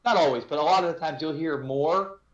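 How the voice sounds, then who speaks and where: A man, a paranormal investigator casually recounting his investigation as an animated storyteller. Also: on the high side, fairly quick. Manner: animated storyteller who laughs at his own tale. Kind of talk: casual podcast conversation. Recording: echoey, dull lo-fi remote audio.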